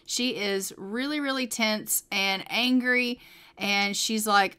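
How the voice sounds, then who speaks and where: A woman's voice: medium pitch, slow, pushed and bright, clear, resonant tone. A woman hosting a game channel, narrating life-sim gameplay in a chatty, story-telling way. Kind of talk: let's play narration.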